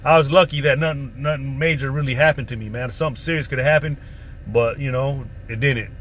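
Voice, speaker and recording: A man's voice: medium pitch, steady tone, fast, a bit bright. A man casually telling a story from his past, in a profane, streetwise, rambling way. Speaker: vlogger. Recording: faint background noise.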